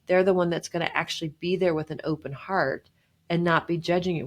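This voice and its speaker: A woman speaking as a guest on a podcast, talking earnestly and warmly in a casual way, often acting out what people say. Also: on the low side, fairly even intonation, fairly quick. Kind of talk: casual conversational interview.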